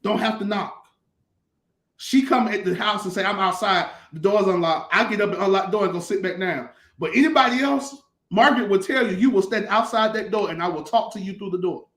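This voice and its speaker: A man's voice: high voice, brisk, a bit bright, reverberant. A man, a pastor, talking casually and emphatically, telling stories with a lot of repetition. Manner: emphatic, repetitive, colloquial storytelling. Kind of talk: conversational talk-show teaching.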